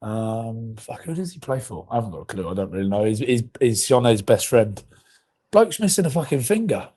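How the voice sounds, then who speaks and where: A man's voice: medium pitch, sing-song, normal speed, mellow, husky. A man in his thirties, a podcast co-host, telling rambling comic stories in casual chat and swearing freely.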